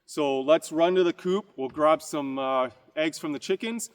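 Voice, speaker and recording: A man's voice: fairly high pitch, a little slow, clear, resonant tone, in a large hall. A man vlogging a campfire breakfast outdoors, chatting casually to his viewers. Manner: chatty, addresses viewers as "you guys". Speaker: homestead vlogger.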